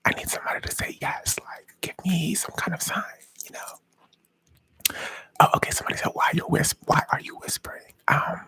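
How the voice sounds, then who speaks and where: A man's voice: a little high, fairly even intonation, normal speed, bright, forceful tone, breathy edge, dry recording, rough recording. A man hosting a casual live stream, whispering to his viewers and giggling at himself. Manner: whispering and giggling, self-mocking.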